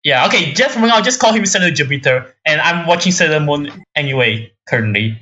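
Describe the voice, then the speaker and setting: A man's voice: a little high, lively intonation, brisk, bright, forceful tone. A man co-hosting a podcast in casual chat, playful and teasing, often cutting in. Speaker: podcast co-host. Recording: dull lo-fi mic.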